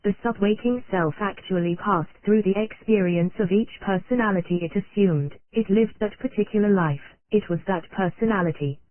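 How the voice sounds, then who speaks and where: Audiobook narrator, even machine-like reading, thin phone-line tone, dry and close. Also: mid-range voice, no room sound. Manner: steady, unvaried reading that spells out abbreviations letter by letter. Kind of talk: audiobook narration of an old nonfiction text. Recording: dry, tinny phone-like sound.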